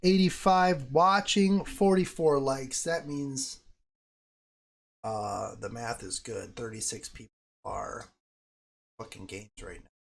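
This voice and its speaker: A man hosting a casual livestream, talking excitably to his chat and swearing freely as he reacts to what he sees. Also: medium pitch, slow, vocal fry. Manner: profane, excitable, talks to chat. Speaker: livestream host. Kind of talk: casual live-stream commentary on crypto charts.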